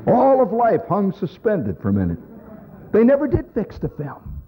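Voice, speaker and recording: A man's voice: high voice, huge pitch swings, normal speed, background noise. A man telling a rambling humorous monologue to an audience, wry and conversational. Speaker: storyteller performing to an audience. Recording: tinny lo-fi phone-like recording.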